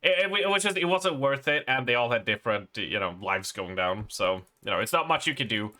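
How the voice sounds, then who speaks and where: A man's voice: mid-range voice, animated, fairly quick, pushed and bright. A young adult Swedish man with a Swedish accent, casually chatting and laughing as he reacts on a live game stream, often stumbling over words. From Sweden.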